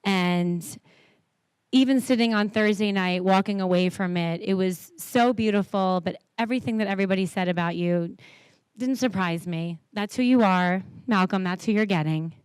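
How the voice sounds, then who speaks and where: A woman's voice: medium pitch, moderate pace, darkish tone, smooth, dry recording. A woman in her thirties giving a heartfelt, rambling wedding toast.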